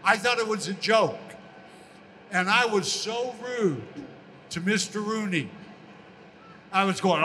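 Older man spinning an animated story. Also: high-pitched, slow, long pauses, big-room sound, slight background noise. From United States. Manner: animated storyteller, acts out quoted voices. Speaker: interview guest, former pro football player. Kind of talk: storytelling in a casual interview.

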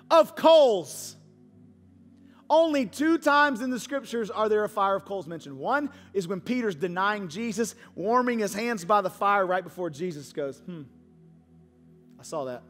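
A male pastor with a very high, bright and forceful voice delivers a lively sermon, telling the story in casual slang and playing out the dialogue. He sounds like he is in a church hall with a long echo, and soft music plays underneath. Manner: dynamic storytelling preacher, slangy, acts out dialogue. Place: church auditorium.

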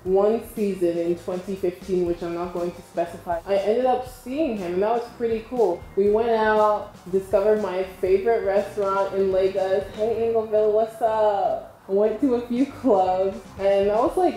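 A woman's voice: medium pitch, dark tone. A woman in her twenties telling a story to her camera in a chatty way, with laughing asides to viewers. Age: 20s. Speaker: storytime vlogger. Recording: echoey room with faint hiss.

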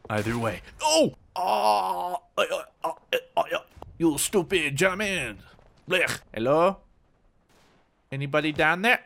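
A man commenting on his own gameplay, switching between mock-serious war narration and excited, jokey outbursts. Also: on the high side, unhurried, gravelly. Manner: jokey, teasing. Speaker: gaming YouTuber.

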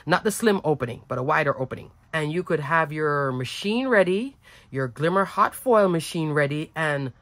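A woman's voice: low-pitched, a bit bright, no echo. A woman hosting a crafting video, talking in a bubbly, chatty way with a smile in her voice. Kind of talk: casual product walkthrough.

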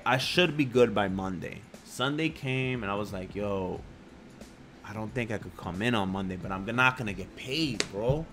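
A young man vlogging, telling a personal story in a casual, animated way, full of slang and crude jokes. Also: on the high side, a little hiss or hum.

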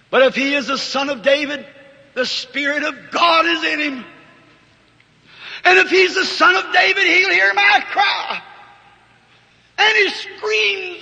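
A man preaching a fervent revival sermon in a large hall before a congregation, often rising to shouts. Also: extremely high pitch, a little slow, long pauses. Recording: reverberant old hall recording.

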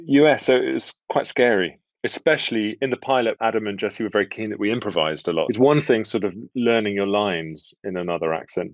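A man's voice: lowish voice, no echo. A middle-aged British man with a British accent, an actor chatting as an interview guest in a wry, self-deprecating way. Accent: British English. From England. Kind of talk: relaxed interview chat.

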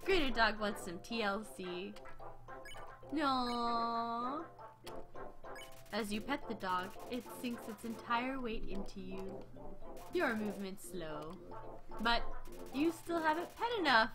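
A giggly woman playing a video game, with a high voice that jumps all over the place. She talks slowly between bursts of excited squeals and laughter. Game music runs underneath. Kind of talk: let's play commentary.

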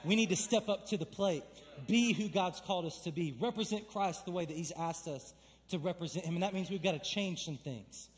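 A young man preaches in a church with a high, bright voice, his words ringing through a long hall reverb. He talks casually and then builds to fervent, emphatic calls. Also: fairly quick. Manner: energetic, conversational preaching with emphatic build-ups. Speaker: pastor. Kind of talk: sermon. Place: church sanctuary.

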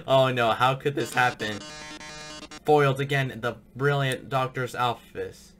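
Female scientist sidekick, hurried and eager, read by a man, game music under. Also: medium pitch, fairly bright tone, close to an everyday voice. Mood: urgent. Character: nervous female scientist helper. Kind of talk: reading game dialogue aloud.

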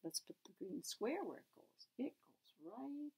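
A woman leading a church story time, gently asking small children questions and reading picture books aloud. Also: high voice, big pitch swings, a little slow, creaky. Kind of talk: picture-book read-aloud for toddlers.

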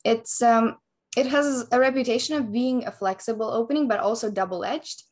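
A woman chess coach calmly and methodically explaining a chess opening, move by move. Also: on the high side, normal speed. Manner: calm, methodical explanation of moves.

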